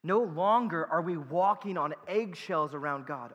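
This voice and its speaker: High-voiced preacher in a reverberant hall. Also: male voice, expressive, measured pace, a bit bright. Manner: earnest preaching with emphatic repetitions and asides. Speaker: pastor. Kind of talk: sermon.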